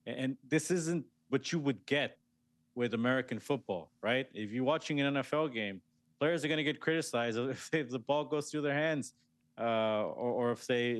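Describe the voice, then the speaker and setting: A man co-hosting a sports podcast, talking things through in a halting way full of restarts. His voice sits at a mid pitch for a man. The recording is dry, with no room echo. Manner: hesitant, restarts often. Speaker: podcast co-host. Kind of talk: casual panel chat.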